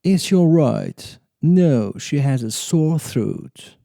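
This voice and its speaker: Slow, dark-voiced man reading English drills. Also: fairly high pitch, expressive, gravelly, no echo, studio quality. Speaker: English teacher. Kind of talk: slow scripted reading of example sentences.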